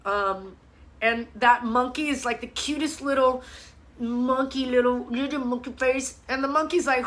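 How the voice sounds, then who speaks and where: A middle-aged woman fitness coach chatting on a live stream, blunt and animated, cursing freely. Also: sits high, measured pace. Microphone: phone or webcam mic.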